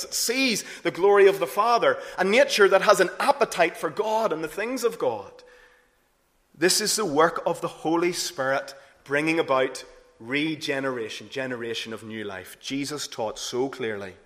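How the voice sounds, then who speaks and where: A man preaching a sermon earnestly, rising to emphatic peaks and then dropping low and soft. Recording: long hall reverb.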